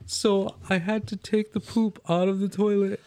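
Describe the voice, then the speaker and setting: A man's voice: sits high, level tone, moderate pace, a crowd in the background. A man co-hosting a podcast, casually retelling a crude story he saw online. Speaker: podcast co-host.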